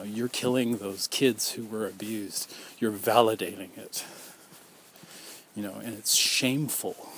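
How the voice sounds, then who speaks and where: A man's voice: on the low side, a little hiss or hum. A man speaking out as a survivor in an impassioned personal monologue, earnest and accusing, piling up repeated rhetorical questions.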